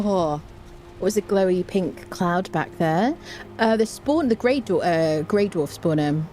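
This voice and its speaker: A woman's voice: on the low side, darkish tone, a little hiss or hum. A woman streaming a survival game, chatting in a jokey, jittery way and often yelping in fright. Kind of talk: live gameplay commentary.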